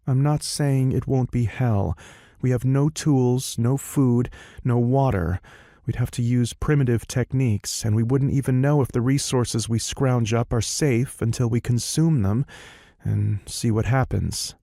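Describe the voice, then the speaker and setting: Man doing a calm, capable young woman. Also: mid-range voice, a little slow, gravelly, no room sound, studio quality, voice pushed up. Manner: calm, matter-of-fact.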